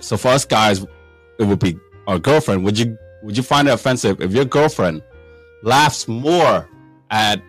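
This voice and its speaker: A man's voice: mid-range voice, a bit bright. A man hosting a casual group chat, asking questions, teasing and laughing often. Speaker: host.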